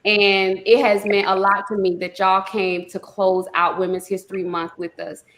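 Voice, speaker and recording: A woman, hosting a live talk show, emotional and quick to laugh. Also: mid-range voice, level tone, fairly bright tone. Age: 40s. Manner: effusive, emotional, laughing often. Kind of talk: casual live chat. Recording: noisy live stream audio.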